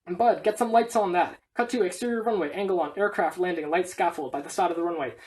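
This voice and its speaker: Brief: woman reading a script aloud, brisk and matter-of-fact, stage directions and all. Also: fairly low pitch, a little mellow.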